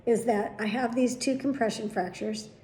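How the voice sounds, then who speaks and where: A woman's voice: a little high, fairly even intonation, moderate pace, warm tone, roomy sound, slight background noise. A middle-aged woman vlogging casually, telling a long story with plenty of swearing and acted-out dialogue. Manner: chatty, swearing, retelling dialogue. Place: at home.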